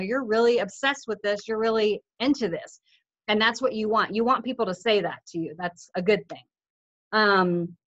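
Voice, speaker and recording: On a video call, a team leader coaches her affiliates, keeping things casual and upbeat but pressing her points and mimicking what others say. She has a medium-pitched, slightly bright voice, captured in dull audio.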